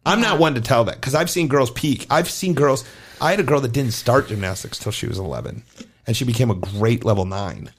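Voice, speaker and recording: A middle-aged man, a gymnastics coach co-hosting a podcast, telling lively stories in casual chat and acting out the voices of the people in them. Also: medium pitch, brisk, a little hiss or hum. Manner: animated, acts out quoted voices in his stories.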